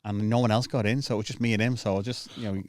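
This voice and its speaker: A man's voice: on the low side, rapid-fire, no echo. A man hosting a podcast, telling comedy stories in a casual chat and acting out other people's lines. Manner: animated storyteller, acts out other people's lines. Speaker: podcast host.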